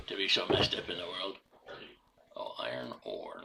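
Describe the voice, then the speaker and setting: A man's voice: sits low, big pitch swings, normal speed, gravelly, noisy background. A man streaming a video game live, chatting casually as he talks through each move and greets his viewers by name. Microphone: desktop streaming mic.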